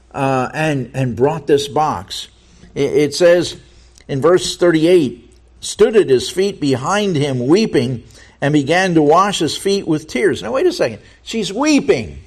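Earnest preacher man, somewhat high voice. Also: expressive, takes it slowly. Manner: earnest, rhetorical questions, stumbles and repeats words. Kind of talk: sermon reading scripture with commentary.

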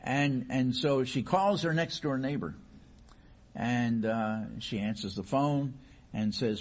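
A man's voice: mid-range voice, slow pace, highs cut off. A man preaching a sermon, telling a story and asking rhetorical questions with many restarts.

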